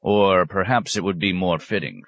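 A man's voice: deep voice, normal speed, fairly bright tone, no echo, dull audio. A man voicing a stern, sarcastic abbot who questions a novice with cutting mockery. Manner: mocking, cutting, sometimes roaring.

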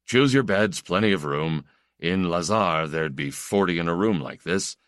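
A man's voice: sits low, lively intonation, moderate pace, fairly bright tone, clear, resonant tone, no echo, clean studio sound. A man voicing an edgy, ingratiating male prisoner with a mocking, sardonic drawl.

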